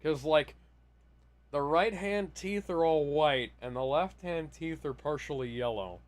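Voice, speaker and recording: A man's voice: on the high side, measured pace. A man co-hosting a casual movie podcast, offhand and rambling, with plenty of swearing. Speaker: podcast co-host.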